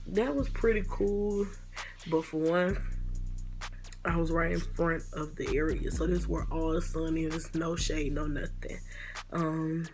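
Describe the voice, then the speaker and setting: A young woman vlogger tells a story in a low, gravelly voice, blunt and fed up, cursing now and then. Music plays clearly behind her casual storytime chat. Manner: blunt, exasperated storytelling with swearing.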